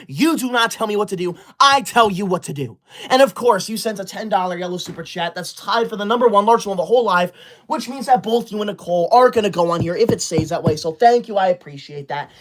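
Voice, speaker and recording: A man's voice: high voice, a bit bright. A man in his twenties hosting a livestream, reading chat comments and scolding viewers like a strict teacher. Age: 20s. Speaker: livestream host.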